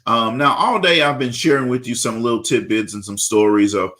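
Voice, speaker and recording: A man's voice: medium pitch, fairly quick, fairly bright tone. A man from Louisiana hosting a live radio talk show, upbeat, often stammering and repeating words.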